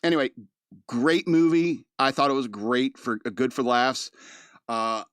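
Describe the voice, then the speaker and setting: A man in a solo podcast, mid-pitched, chatting loosely about a film and laughing a lot. He bursts into exaggerated voices for quoted lines, recorded dry and close. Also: unhurried, a bit bright, clear, resonant tone, dry recording. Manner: rambling, laughs often, acts out quotes. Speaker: podcast movie reviewer. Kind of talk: casual solo review.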